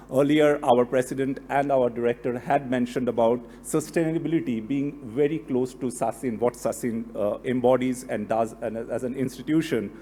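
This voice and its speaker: Man, deputy director, closing remarks, hesitant, many fillers, mellow dark voice, faint hum behind. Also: medium pitch. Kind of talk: formal thank-you speech. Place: lecture hall.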